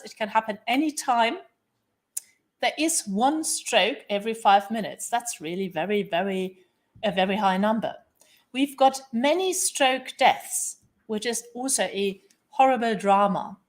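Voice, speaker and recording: A woman neurologist with a German accent, giving a training lecture in a study centre room and stressing points by repeating words. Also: on the high side. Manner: emphatic, repeats "very, very".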